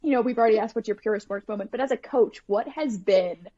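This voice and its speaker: A woman hosting a podcast, relaxed and conversational, asking long rambling questions. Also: a little high, fast talker. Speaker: podcast host. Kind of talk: casual podcast interview. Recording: dull lo-fi podcast audio.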